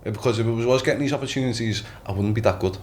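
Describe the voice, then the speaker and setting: A young boxer appearing as a podcast guest talks rapid-fire at medium pitch, telling stories animatedly in casual conversation. He acts out quotes, swears, and keeps repeating "you know what I mean."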